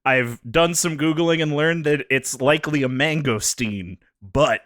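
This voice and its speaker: A man's voice: fairly high pitch, measured pace, fairly bright tone. A man on a comedy podcast with a dry, teasing delivery. His voice sounds close to the mic in a room with no echo. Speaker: podcast co-host. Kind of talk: casual comedic chat.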